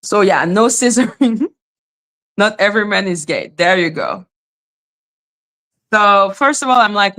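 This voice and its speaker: A woman hosting a casual livestream, chatting with viewers in an animated way, laughing often and swearing freely. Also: medium pitch, a little slow, long pauses. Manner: animated, laughing, frequent profanity. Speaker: livestream host. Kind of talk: casual livestream chat reading comments.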